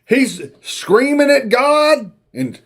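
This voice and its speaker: High, lively storyteller man. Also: takes it slowly. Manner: rambling, folksy, drawling asides. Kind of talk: comic rambling movie retelling.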